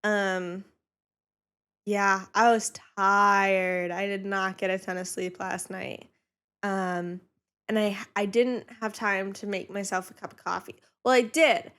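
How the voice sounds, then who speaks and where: A young woman co-hosting a podcast from a home studio. She talks in a chatty way and laughs often. Her pitch sits in the middle. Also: level tone, slow, a bit bright, smooth. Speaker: podcast co-host. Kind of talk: casual family podcast chat.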